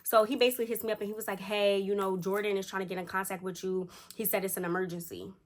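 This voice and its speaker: Chatting at home, a young storytime vlogger animatedly acts out quotes from the people in her tale. She speaks quickly with a medium-pitched voice.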